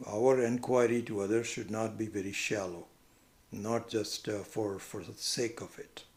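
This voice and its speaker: A man's voice: fairly even intonation, a little slow, a little mellow. Man teaching scripture in an echoey room. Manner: conversational, acts out quoted people with sudden high pitch. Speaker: spiritual teacher. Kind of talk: lecture on scripture.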